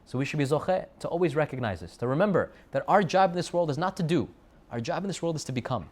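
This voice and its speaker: A rabbi delivers a Torah talk to students as a storytelling sermon, repeating phrases and using Hebrew terms. His voice sits on the high side and sounds animated, moving at a quick pace.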